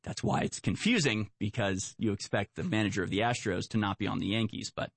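Male commentator, sarcastic and animated, dry close-mic sound. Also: on the low side, a little fast, creaky, breathy edge, dry recording. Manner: sarcastic, animated, spins mocking hypotheticals. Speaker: political commentator. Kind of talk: solo political commentary, reading news aloud.

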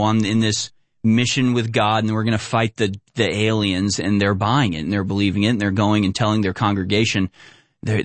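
A man's voice: on the low side, no room sound. Guy ranting loosely about clips, sarcastic, dry sound. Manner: rambling, hesitant, sarcastic. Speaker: commentator. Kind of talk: casual commentary.

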